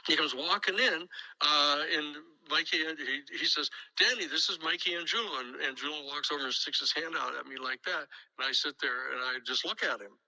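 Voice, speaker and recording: Gravelly, bright-voiced older man telling stories. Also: on the high side, fairly quick, low-quality recording. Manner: animated storytelling, acts out quoted voices, frequent restarts. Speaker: guest storyteller. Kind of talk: casual anecdote in an interview.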